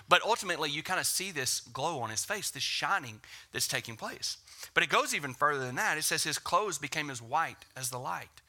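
A man in his thirties, a pastor preaching in a casual, conversational way, telling stories with acted quotes and dropping into hushed whispers. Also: medium pitch. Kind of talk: sermon with personal stories.

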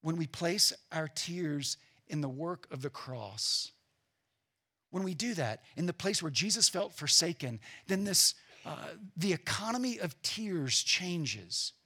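A man preaching a sermon as pastor, earnest and emphatic, at times dropping to a quiet, reflective tone. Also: fairly high pitch, lively intonation, slow pace.

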